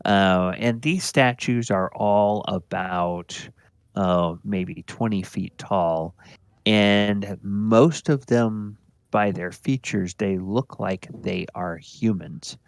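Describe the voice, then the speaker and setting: Slow, deep-voiced man narrating a tabletop game. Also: smooth, dry recording. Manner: relaxed, unhurried, with many fillers. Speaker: dungeon master.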